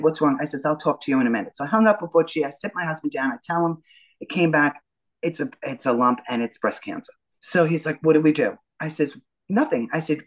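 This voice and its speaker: Middle-aged New woman, lively interview guest who acts out every exchange. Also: sits low, rough recording. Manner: animated storyteller, acts out the dialogue. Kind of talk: telling her story in an interview.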